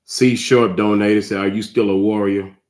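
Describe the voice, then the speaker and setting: A man with a somewhat low voice hosts a casual livestream. He reads out donations and asks his guest questions, stopping and restarting as he goes. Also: level tone, normal speed, a little mellow. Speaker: host reading donations.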